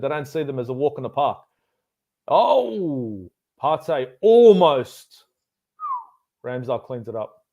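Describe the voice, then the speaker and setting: A man's voice: fairly high pitch, a little mellow. A man co-hosting a live football watchalong, teasing his partner in blunt, sweary banter. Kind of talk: casual live match chat.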